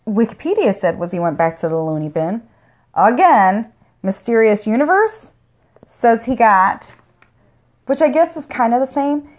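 A woman's voice: a little high, darkish tone. A woman co-hosting a casual podcast, telling a story in a joking, profane way. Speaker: podcast co-host. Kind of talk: casual true-crime chat.

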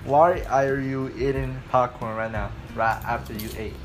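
A man's voice: medium pitch, steady tone, normal speed, over music. A young man hosting crude casual chat, laughing often and rambling, losing his train of thought. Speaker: host. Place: home room.

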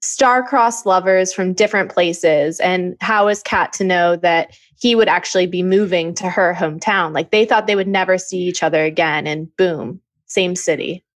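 A woman's voice: lowish voice, moderate pace, few pauses. A woman co-hosting a podcast, chatting casually about a book in a wry, playful, questioning way. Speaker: podcast co-host. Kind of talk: casual book discussion chat.

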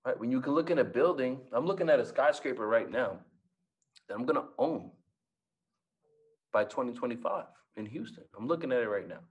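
Young guy, husky voice, swoops up and down a lot while telling a motivational story. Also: medium pitch, a little fast, lo-fi sound. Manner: animated, repeats lines for emphasis, acts out dialogue. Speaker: guest speaker.

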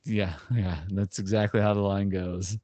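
A man's voice: lowish voice, little pitch movement, moderate pace, warm tone, no echo, highs cut off. A man co-hosting a casual podcast chat, dry, skeptical and stubborn. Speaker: podcast co-host.

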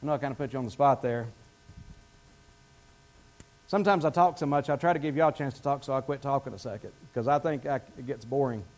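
A man's voice: mid-range voice, fast talker, pauses often. A male pastor preaching a sermon in a church, talking conversationally and asking the congregation questions.

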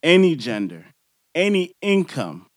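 A man's voice: fairly high pitch, unhurried, no room sound, studio quality. A man co-hosting a podcast, explaining things in a casual but emphatic way. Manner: animated, explains facts with emphasis. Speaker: podcast co-host.

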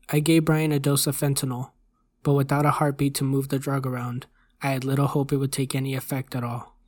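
Steady, measured horror story narrator. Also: medium pitch. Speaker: host and narrator.

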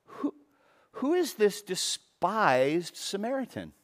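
Emphatic preaching man, hushed to booming. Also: slow. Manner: animated preaching, shifting from hushed to loud emphatic bursts; repeats words for emphasis, breaks into quoted dialogue. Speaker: pastor. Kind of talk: sermon.

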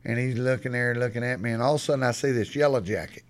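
A man's voice: medium pitch, fast talker. A middle-aged man from west Texas, telling a rowdy, profane story in a folksy way as a podcast guest. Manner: folksy, profane, animated yarn-spinner. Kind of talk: storytelling in casual chat.

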